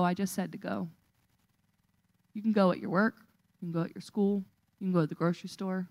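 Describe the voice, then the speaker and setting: A woman's voice: on the low side, creaky, darkish tone, no echo, low-quality recording. A young woman missionary speaking earnestly to a church congregation, asking for prayer and support. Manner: earnest, appealing. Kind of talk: testimony appeal at church.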